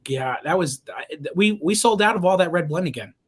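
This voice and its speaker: A man hosting a live online wine show, pitching bottles and prices with lots of fillers and restarts. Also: expressive, a little fast, breathy edge. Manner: chatty, enthusiastic salesman with many fillers and restarts. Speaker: wine shop host. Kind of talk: live-streamed wine show, casual sales talk.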